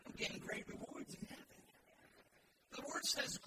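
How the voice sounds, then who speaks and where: A man preaching a sermon to a congregation in a church, leading call-and-response and building to shouted emphasis. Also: moderate pace. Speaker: pastor. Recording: echoey, distant and noisy room recording.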